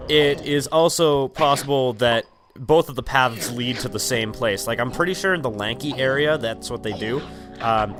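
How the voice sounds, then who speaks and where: A young man giving rambling, casual commentary over his gameplay, full of ums, likes and swearing. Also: mid-range voice. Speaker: let's play gamer. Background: game music.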